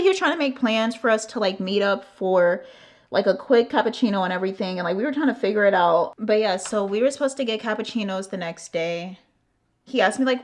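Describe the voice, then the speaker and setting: A young American woman telling a storytime to her channel in casual, candid talk, heavy on fillers and swearing. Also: medium pitch. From United States. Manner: candid, profane, lots of "like" fillers. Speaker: vlogger.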